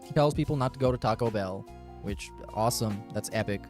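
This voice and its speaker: A man's voice: on the low side, a little fast, music in the background. A man hosting a stream, reacting to clips with sarcastic, scornful commentary.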